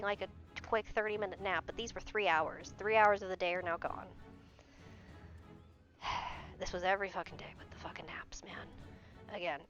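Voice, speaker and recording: Young woman, lowish voice, swearing exasperated storyteller on a dull lo-fi stream mic with faint music underneath. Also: a bit bright. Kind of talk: casual storytelling. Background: faint background music.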